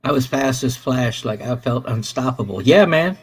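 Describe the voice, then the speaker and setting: A middle-aged man, hosting a casual livestream, talking slowly with many fillers as he greets viewers in chat. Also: mid-range voice, animated, husky, poor audio. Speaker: livestream host reading chat.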